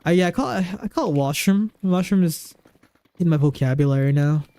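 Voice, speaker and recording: A man's voice: on the high side, brisk, mellow, dry recording. A man streaming a game live, chatting casually and rambling while he answers viewers' questions at a desk microphone.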